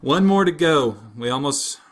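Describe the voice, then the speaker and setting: A man hosting a podcast, chatting casually and telling stories in a rambling, animated way with frequent laughter. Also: fairly high pitch, moderate pace. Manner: rambling, animated storyteller who laughs often. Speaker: podcast host. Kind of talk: casual chat recapping anime.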